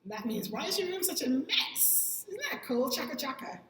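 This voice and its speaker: A woman vlogger talking casually about sayings, with lively jumps in pitch. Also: normal speed, reverberant, heavy background noise. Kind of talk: casual talk explaining sayings.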